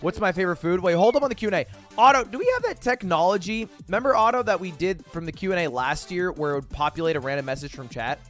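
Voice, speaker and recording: Animated young man streaming, swearing freely. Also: high voice, quick pace, hardly any pauses, faint music behind. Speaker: livestream host. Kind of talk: casual chat with viewers.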